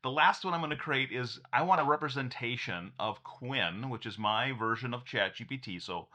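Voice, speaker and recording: A man's voice: mid-range voice, moderate pace, sharp tone. A man walking viewers through a tech tutorial in a casual, upbeat way, chuckling often and restarting his sentences. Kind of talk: casual screen-share tutorial.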